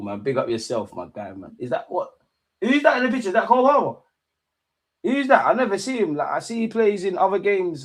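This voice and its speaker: An excitable young man with a medium-pitched voice streams a live football watch-along, bantering with his chat. He uses London slang, swears, and laughs often.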